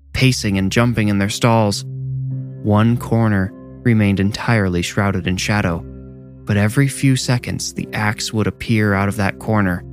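A man with a low voice reads a horror story in a slow, measured way. Faint music plays softly under his scripted narration.

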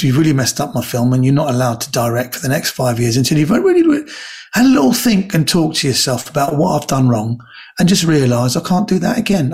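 A man, a comedian guest, telling stories in casual chat and acting out the people in them. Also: medium pitch. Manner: animated storyteller acting out quoted people.

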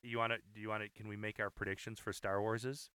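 Bright, clear-voiced halting man. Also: on the low side, flat delivery, no room sound, studio quality. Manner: halting, repeats words, laughs easily. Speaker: podcast co-host. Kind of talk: casual chat.

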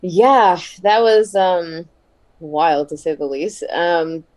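Low, mellow-voiced woman telling stories. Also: takes it slowly. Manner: chatty, laughs often, acts out quoted voices. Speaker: guest. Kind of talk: casual podcast interview storytelling.

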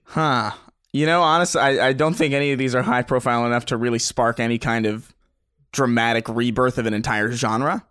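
A man co-hosting a gaming podcast, easygoing and quick to laugh, giving short agreeing replies. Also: medium pitch, steady tone, a bit bright, clean tone, no room sound, studio quality. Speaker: podcast co-host. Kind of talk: casual chat.

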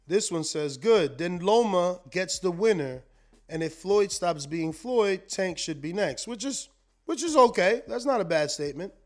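A man's voice: high voice, animated, measured pace. A man hosting a live boxing stream, talking casually, rambling and repeating words as he reads out viewer comments. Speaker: boxing show host.

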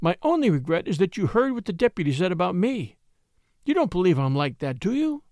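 A male reader voicing a spirited young society woman in a storybook, lifting his voice higher and speaking in a lively, gentle way. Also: brisk, dry recording, clean studio sound. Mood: anxious. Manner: raises pitch, lively and gentle.

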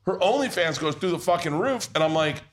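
A man's voice: fairly high pitch, expressive, fairly quick, a bit bright. A man hosting a podcast, telling rambling, profane anecdotes in casual chat at a pub. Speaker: podcast host.

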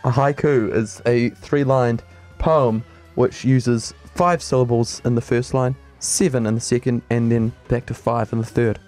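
A man's voice: medium pitch, fairly even intonation, measured pace, few pauses, darkish tone, soft background music. A man co-hosting a podcast in a studio, wisecracking and swearing casually. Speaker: podcast co-host. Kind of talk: casual chat.

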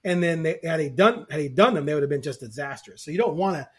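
A man co-hosting a sports podcast, talking in a casual, opinionated and animated way, going off on tangents. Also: a little high, fast, slightly rough. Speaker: podcast co-host.

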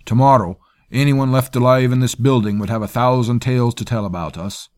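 A man's voice: medium pitch, fairly even intonation, brisk, a little mellow, pitched above the performer's own voice, natural voice. A man voicing a menacing male mercenary captain who barks orders and growls threats. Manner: menacing, commanding.

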